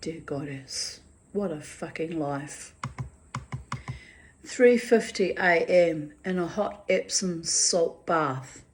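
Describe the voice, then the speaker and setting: Slow blunt-spoken older woman. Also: lowish voice, a little hiss or hum. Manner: blunt, sweary, exasperated asides. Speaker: diarist reading her journal. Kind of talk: diary-style personal reading.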